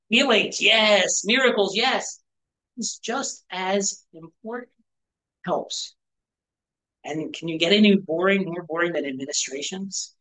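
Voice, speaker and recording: A man's voice: high-pitched, moderate pace, bright, forceful tone, rough recording. A male pastor giving a conversational sermon to a small church group, full of rhetorical questions and asides. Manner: rhetorical questions, frequent "right?" and "you know". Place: church gathering.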